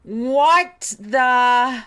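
A woman's voice: sits high, lively intonation, very slow, fairly bright tone, clean tone. A woman in a game clip, dismayed and exasperated.

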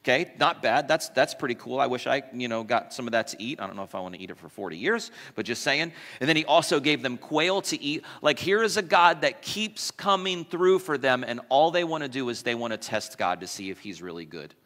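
A man's voice: mid-range voice, animated, fairly quick, hardly any pauses, pushed and bright. A male pastor preaching a sermon in a casual, conversational way, asking the congregation questions and adding light asides. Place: church sanctuary. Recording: long church reverb.

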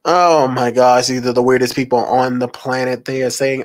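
A man's voice: mid-range voice, level tone, moderate pace. A young man giving mocking, preachy commentary while reacting to text messages. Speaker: commentary host.

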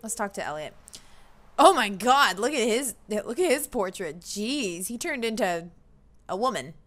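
A woman's voice: mid-range voice, measured pace. A young woman hosting a casual gaming channel, commentating her play with frequent squeals and giggles. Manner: excitable, squeals and giggles often.

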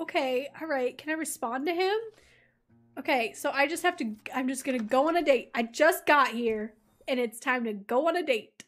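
A woman's voice: sits high, brisk, soft background music. A woman streaming a game, chatting in a bubbly, giggly way and reading the game text aloud. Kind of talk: casual let's-play chat with chat.

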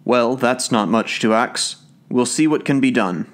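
A man voicing a plain-spoken house servant, gently turning a girl away. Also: mid-range voice, measured pace, close to an everyday voice. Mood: gentle.

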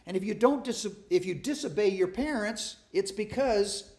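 Folksy, animated male Bible teacher. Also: high-pitched, normal speed. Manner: folksy, conversational, self-deprecating humor; stumbles and restarts often. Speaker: pastor leading a Bible study. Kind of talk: informal sermon.

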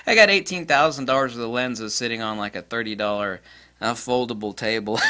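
A man giving a casual gear review in a blunt, crude and excitable way, breaking into laughter. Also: medium pitch, a little fast. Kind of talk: casual product review vlog.

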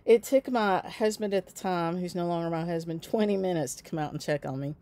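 A woman in her fifties who hosts a stitching channel speaks a little fast in a fairly low, dark-toned voice. Chatting casually with viewers, she tells a long personal story, laughing often and replying to their comments by name.

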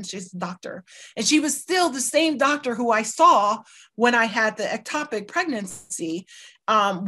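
A woman's voice: fairly high pitch, a bit bright. A middle-aged woman from the United States, a lawyer guest, telling her life story candidly and emphatically, often saying "you know" and acting out what people said. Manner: emphatic, acts out quoted dialogue, peppers talk with "you know" and "right".

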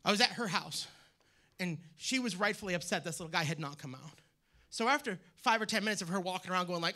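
A man from Maine performing a loud, animated stand-up set on a theater stage. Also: high-pitched, fast. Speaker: stand-up comedian. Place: theater stage with live audience.

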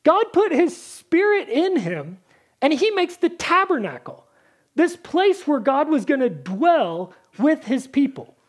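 A woman preacher with a high voice gives a casual, talkative sermon. She leans on fillers and slips into quick impressions of the people in her stories. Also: big pitch swings. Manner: chatty, full of "like", acts out Bible characters.

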